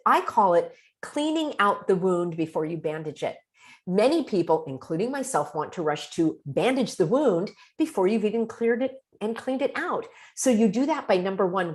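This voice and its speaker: A woman from the United States hosting her own channel, talking casually to camera and acting out short quoted replies. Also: medium pitch. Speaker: host.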